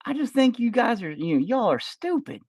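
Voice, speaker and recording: A man voicing a grumpy, blunt old grandfather who scolds the kids but has a soft side. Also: very high voice, sing-song, brisk, breathy edge, no room sound, voice pushed up, heavily acted. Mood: scornful. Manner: cranky, dismissive, then tender.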